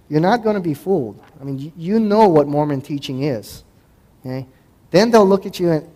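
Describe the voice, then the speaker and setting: A man giving a conversational talk to an audience as a host and Christian apologetics speaker, acting out past dialogues in quick voices. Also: mid-range voice, warm tone. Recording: echoey hall with long reverb.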